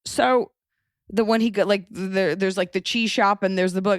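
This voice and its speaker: A woman with an American accent hosting a podcast, chatting casually and quick to joke. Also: mid-range voice, steady tone, dry recording, clean studio sound. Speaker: podcast host. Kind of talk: casual interview chat.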